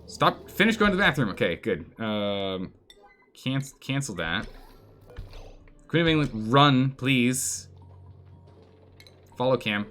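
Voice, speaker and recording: A man giving live commentary on a colony game, animated and exclaiming, pleading with his characters. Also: mid-range voice, takes it slowly, long pauses, soft background music. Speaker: streamer playing a colony game.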